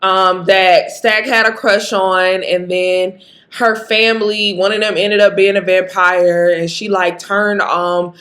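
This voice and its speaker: A woman's voice: mid-range voice, takes it slowly. A woman from Mississippi with a Mississippi accent, chatting casually and emphatically as she reviews a movie. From Jackson, Mississippi. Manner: chatty, animated, emphatic, laughs often. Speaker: vlogger.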